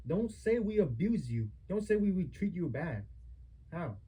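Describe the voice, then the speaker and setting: A young man argues with his mother in a heated confrontation, asking the same accusing questions again and again. His voice sits high for a man but sounds dark and husky. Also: sing-song, measured pace, low-quality recording. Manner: accusing, repetitive rhetorical questions. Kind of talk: heated family argument.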